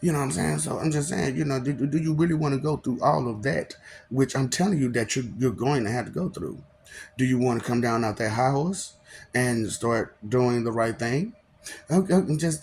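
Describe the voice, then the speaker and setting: Speaking as a self-declared god to his audience, this man has a gravelly, somewhat mellow mid-range voice, with slight background noise behind him. He rambles and sermonizes, laughing often, tossing out scornful rhetorical questions, and occasionally stumbling verbally.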